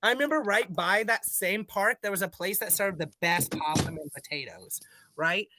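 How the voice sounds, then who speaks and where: A young man from the South telling wild childhood stories in a casual, deadpan, nonchalant way, with frequent laughs. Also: high-pitched, normal speed, noisy background. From Southern US, North Carolina. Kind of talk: casual storytelling chat.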